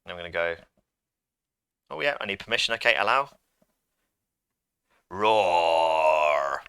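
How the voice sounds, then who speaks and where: A man's voice: on the low side, lively intonation, fast, vocal fry, sharp tone, clear, resonant tone, dry recording. A man teaching a coding lesson to pupils, chatty and playful as he talks through each step on a computer microphone. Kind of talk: screen-recorded coding lesson.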